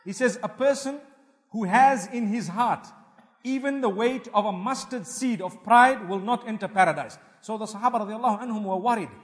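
A man preaching with a high, light voice that rises and falls animatedly. He drops Arabic religious phrases into his English. The sound rings with the long reverb of a large hall. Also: normal speed. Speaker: Islamic preacher. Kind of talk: sermon.

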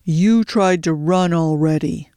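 A reader voicing a cold, angry, shivering male thug who speaks slowly and flatly in an audiobook. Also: mid-range voice, smooth, no echo. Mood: menacing. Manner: slow, flat and menacing.

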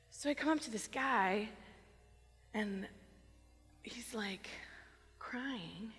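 Bright-voiced woman pastor in a reverberant church. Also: on the high side, moderate pace, long pauses, breathy edge. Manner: conversational and animated, acting out quoted lines. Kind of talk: sermon with personal storytelling. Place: church sanctuary. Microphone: wearing a microphone. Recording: long reverb of a church hall.

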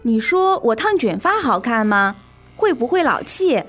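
A fussy young salon customer, played by a woman in a scripted lesson dialogue, doubtful and always bargaining. Her voice sits high and swings widely in pitch. Faint music plays underneath. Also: big pitch swings, normal speed. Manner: doubtful, haggling.

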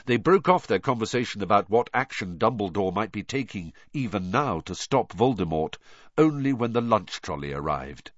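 Male audiobook narrator, lowish voice, expressive reading, dull lo-fi recording. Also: moderate pace, dry recording.

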